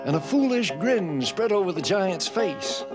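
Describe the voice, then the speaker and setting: A man telling a folk tale with animated delivery, sound effects and sudden shouts. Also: sits high, a little slow. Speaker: storyteller. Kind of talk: folk storytelling with banjo. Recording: banjo music under the voice.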